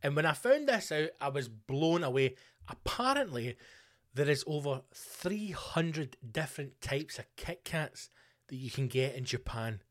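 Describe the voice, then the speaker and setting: A man's voice: a little high, very animated, measured pace. Sweary Scottish man ranting. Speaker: podcast host. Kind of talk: casual solo podcast rant.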